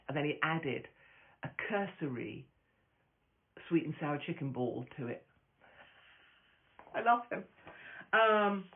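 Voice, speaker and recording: A woman's voice: sits low, a little hiss or hum. Brash, foul-mouthed woman on a phone stream. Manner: brash, profane, rambling, laughs often. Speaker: host of a live stream, stand-up comic. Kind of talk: casual live-stream chat. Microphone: phone camera. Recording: tinny phone-quality audio.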